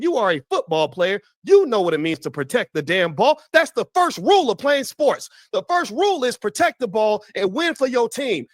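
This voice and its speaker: High-voiced man, impassioned commentary. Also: fairly bright tone, dry recording, clean studio sound. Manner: impassioned, preachy, addresses viewers directly. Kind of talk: opinion commentary.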